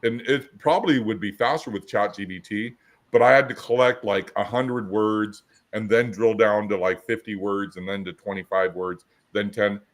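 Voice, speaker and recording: With a fairly low voice, fairly even intonation and a moderate pace, this coaching podcast co-host chats assertively. When he tells stories, he performs the quoted lines.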